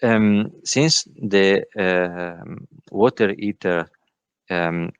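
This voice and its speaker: Halting, low-voiced man presenting slides. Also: clean tone, dry recording, muffled recording. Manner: halting, many filler sounds. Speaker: workshop presenter. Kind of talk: technical presentation. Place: virtual workshop call.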